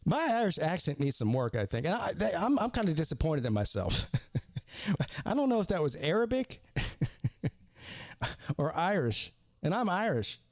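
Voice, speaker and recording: A man's voice: on the high side, big pitch swings, measured pace, long pauses, no echo. A man hosting a live sports call-in stream, rambling casually with stammered restarts and repeated words.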